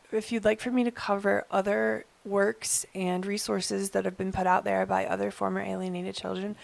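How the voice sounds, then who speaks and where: Gravelly-voiced woman explaining calmly. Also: mid-range voice. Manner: calm, earnest, measured explaining. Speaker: channel host. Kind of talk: explainer video talk.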